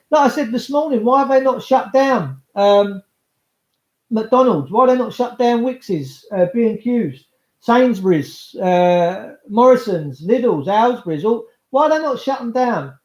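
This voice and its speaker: High-voiced rambling Englishman, roomy sound. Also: animated, moderate pace, a little mellow. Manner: rambling, chatty, talks straight to viewers. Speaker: livestream host. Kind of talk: casual livestream monologue. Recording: roomy, slightly dull sound.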